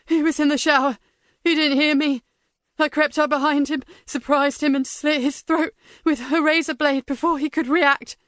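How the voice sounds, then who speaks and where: A woman's voice: high-pitched, steady tone, normal speed, fairly bright tone, dry recording, clean studio sound, voice pushed up. A woman reading an audiobook voicing a terrified male prison guard who pleads breathlessly under torture. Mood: desperate.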